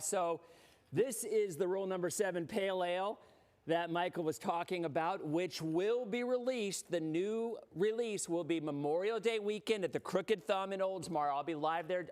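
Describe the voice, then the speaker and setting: A middle-aged man hosting a live-streamed weather show, chatting casually and laughing between lines. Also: sits high.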